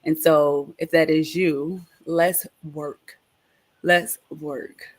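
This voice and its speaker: A woman's voice: low-pitched, steady tone, drawn-out words. A woman co-hosting a live stream, chatting in an upbeat, motivational way. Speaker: co-host. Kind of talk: casual live-stream chat.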